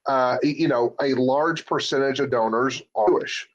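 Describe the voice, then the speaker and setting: A blunt man with a middling pitch, rambling through his opinions with plenty of profanity. His voice sounds a little worn from a long day of talking. The recording is dull and lo-fi. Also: moderate pace. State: slightly hoarse from talking all day. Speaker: podcast co-host, lawyer. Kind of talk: casual opinionated chat.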